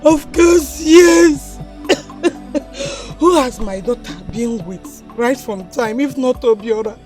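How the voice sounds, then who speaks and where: High-voiced scolding Nigerian mother. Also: slow, darkish tone, faint music behind. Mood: worried. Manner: scolding, emotional. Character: distraught, scolding village mother. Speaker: mother of a pregnant daughter. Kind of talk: film drama acting.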